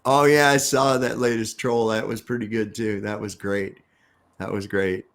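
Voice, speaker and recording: A man's voice: on the low side, level tone, moderate pace, gravelly. A man hosting a casual livestream, talking in a laid-back, profane way and laughing often. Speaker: livestream host.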